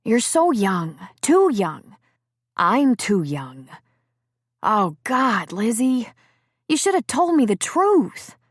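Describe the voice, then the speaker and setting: A woman's voice: on the high side, very animated, takes it slowly, slightly rough, no echo, clean studio sound, voice pushed up, full character voice. A woman voicing an anxious young man who talks earnestly and tries to soothe his girlfriend. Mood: guilty, pleading. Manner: earnest, soothing, a little shaken. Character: guilty, anxious young man, gentle with her.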